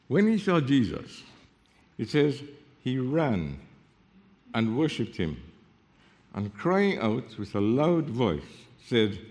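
Male preacher, bible teaching sermon, mid-pitched voice, lively then hushed, long hall reverb. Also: slow, pauses often. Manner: expository Bible teaching, reading verses aloud; lively, with sudden drops to a hushed voice.

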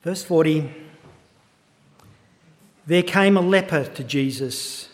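A man's voice: fairly high pitch, slow, pauses often. A man preaching a sermon to his congregation, earnest and building to impassioned emphasis. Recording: long hall reverb.

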